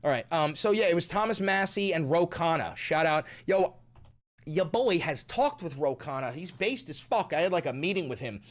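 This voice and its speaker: A man giving casual, profane political commentary, swinging from sarcastic muttering to excited outbursts. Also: a little high, normal speed.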